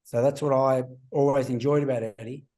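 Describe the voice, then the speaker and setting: A relaxed man in his forties talks through old stories on a podcast, his tone warm and dark. He slips into other people's voices as he quotes them, in an easy, unhurried conversational way. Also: mid-range voice. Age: 40s. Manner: anecdotal storytelling, acts out quoted voices. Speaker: podcast guest, former rugby player. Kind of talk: casual podcast interview.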